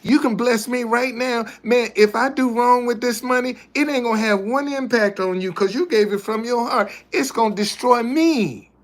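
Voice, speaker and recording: A man's voice: very high-pitched, moderate pace, hardly any pauses. A man hosting a casual livestream, speaking in an emphatic, preachy way that keeps repeating its points. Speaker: livestream host.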